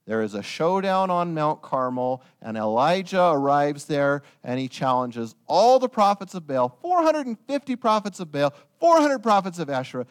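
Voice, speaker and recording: A man preaches a sermon with a lively, storytelling manner. His voice sits a little high and swings widely in pitch. He tosses joking asides to his listeners. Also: moderate pace, hardly any pauses, clean tone.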